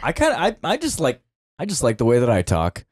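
A woman's voice: extremely low pitch, wildly swooping pitch, fairly quick, darkish tone, no room sound, studio quality. A woman co-hosting a podcast, talking earnestly and playfully with enthusiasm. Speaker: podcast co-host. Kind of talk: casual podcast chat.

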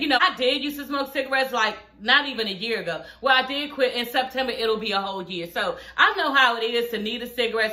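A woman's voice: a little high, pushed and bright, roomy sound. A young woman, blunt and profane, recapping a reality show in a casual, sassy chat. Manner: sassy, blunt and profane, laughing through the retelling.

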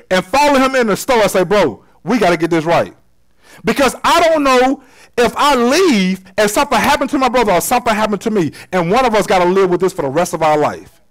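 Male pastor, high voice, conversational church sermon, loud-to-soft swings. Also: low-quality recording. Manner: conversational preaching with slang, swings from loud to hushed. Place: church sanctuary.

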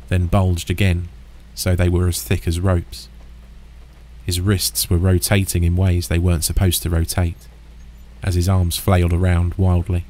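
A man narrating a first-person horror story in a steady, understated, deadpan way. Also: low voice, a little hiss or hum.

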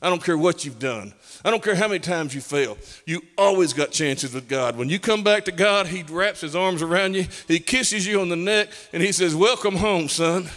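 A man's voice: sits high, a little fast, hardly any pauses, fairly bright tone. A man preaching a sermon as pastor, folksy and emphatic, his voice rising in bursts. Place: church sanctuary. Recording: long hall reverb.

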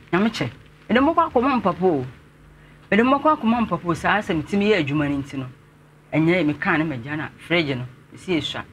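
As a guest in an interview, a Ghanaian-accented man tells his life story to the host with earnest respect. His voice is on the high side with a fairly bright tone, and there's slight background noise.

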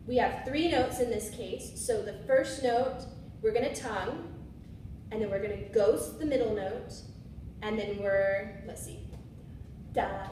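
A woman's voice: a little high, unhurried, warm tone, slight background noise. A woman teaching swing phrasing to musicians in a casual way, correcting herself and singing syllables to demonstrate. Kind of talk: instructional demonstration. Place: room with a board. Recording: echoey room, mic set far off.

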